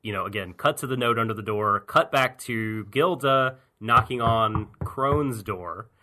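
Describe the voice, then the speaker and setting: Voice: medium pitch, unhurried, bright, forceful tone. A podcast host recapping an episode in casual chat, retelling scenes and voicing characters' lines.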